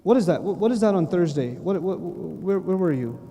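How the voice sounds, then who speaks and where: A man voicing a stern male angel who quietly interrogates a sinner about his record. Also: high-pitched, expressive, moderate pace, gravelly, long reverb tail, a little hiss or hum, pitched below the performer's own voice. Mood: probing.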